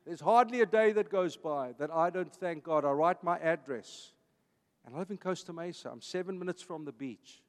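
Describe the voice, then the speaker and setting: Preaching to his congregation, a man in his fifties from South Africa speaks with an Afrikaans accent, emphatic delivery and repeated phrases. His voice is on the high side at a normal speed, trailed by long reverb.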